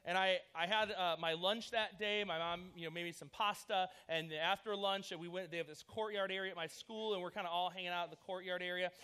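A man's voice: sits high, fairly quick, hardly any pauses, clear, resonant tone. A man, preaching a casual sermon to young people, telling stories with lots of fillers. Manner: energetic, chatty storytelling with many fillers. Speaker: youth pastor.

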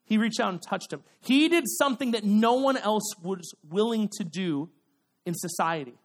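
A young man preaching to a youth group in a chatty way, full of fillers and "okay?" asides, acting out quick voices for his examples. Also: high-pitched. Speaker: youth pastor. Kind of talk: sermon.

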